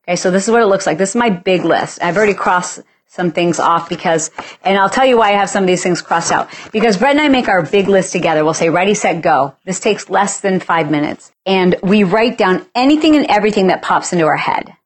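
A woman in her forties hosting a podcast, chatty and animated, casually talking through her routine and acting out bits of dialogue. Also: medium pitch, brisk. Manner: chatty, animated, acts out dialogue with playful exaggeration. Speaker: podcast host. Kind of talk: casual solo talk.

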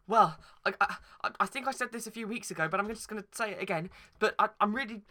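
Very bright, bossy man doing improv. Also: high voice, fast talker. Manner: bossy, deadpan straight man steering the bit. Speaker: podcast co-host. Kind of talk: improvised comedy sketch.

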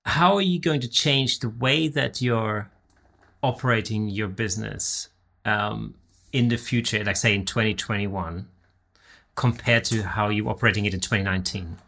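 Gravelly guy, lowish voice, bright edge, rambling chat. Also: normal speed. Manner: rambling, many fillers and restarts. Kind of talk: casual chat.

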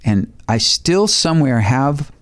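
An animated male guest spinning a casual anecdote, his pitch swinging up and down as he tells it. He swears here and there and laughs between bits, relaxed and chatty. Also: a little slow. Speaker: guest musician. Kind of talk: casual storytelling.

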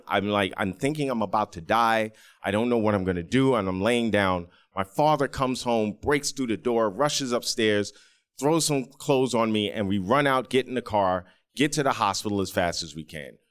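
A man's voice: fairly low pitch, smooth. A man telling a personal story in the first person, acting out the people he quotes. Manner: animated, acts out quoted voices.

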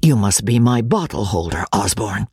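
A woman's voice: very animated, normal speed, darkish tone, breathy edge, no echo, clean studio sound, heavily acted. A woman voicing a big, awkward schoolboy in an audiobook, who talks with a lisp and roars when pushed. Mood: grim. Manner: roaring, high strained voice. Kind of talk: audiobook reading.

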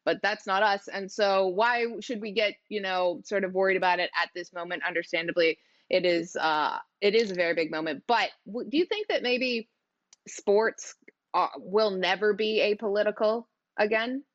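A woman's voice: mid-range voice, moderate pace, no echo. A woman hosting a casual interview show, bubbly and giggly with plenty of fillers. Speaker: podcast host. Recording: dull dry sound.

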